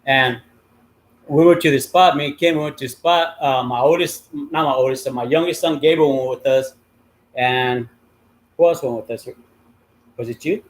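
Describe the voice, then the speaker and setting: His voice is mid-range and his speed normal, though he pauses often. The middle-aged livestream host tells a lengthy story in a loose, rambling style, full of profanity and fillers like um and uh.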